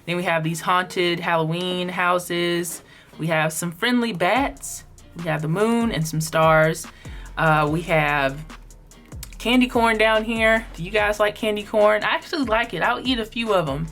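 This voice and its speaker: A woman's voice: on the low side, measured pace, a bit bright, faint music behind. A woman casually narrating a sticker book flip-through, chatty and upbeat with frequent ums and likes. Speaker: planner sticker vlogger.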